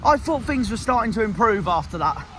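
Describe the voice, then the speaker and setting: A man's voice: high-pitched, sing-song, brisk, a bit bright. A young man with a West Country accent, ranting angrily and swearing after a football loss, recorded outdoors. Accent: West Country English. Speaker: football fan vlogger. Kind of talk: angry post-match rant. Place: outdoors in a city street. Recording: outdoor street noise, traffic.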